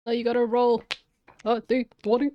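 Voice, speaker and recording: A woman's voice: on the high side, little pitch movement, normal speed, highs cut off. A woman streamer in casual chat who rambles and gropes for words, with many likes and ums.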